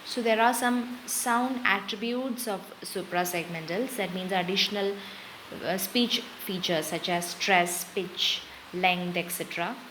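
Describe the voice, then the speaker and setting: Slow-speaking woman teacher with Indian English accent. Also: medium pitch, poor audio. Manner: slow, steady, listing terms with brief pauses. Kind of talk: exam-prep lecture. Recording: faint hiss.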